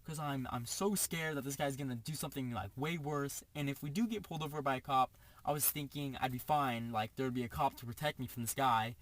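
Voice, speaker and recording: A young man casually telling a story, animated, acting out the quotes, with lots of "like" as filler. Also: medium pitch, fairly quick, hardly any pauses.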